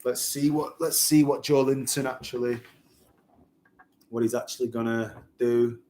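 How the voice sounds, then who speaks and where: A man's voice: mid-range voice, fairly even intonation, measured pace, mellow, roomy sound, slight background noise. A man giving live, opinionated fan commentary on a football match for a watch-along stream.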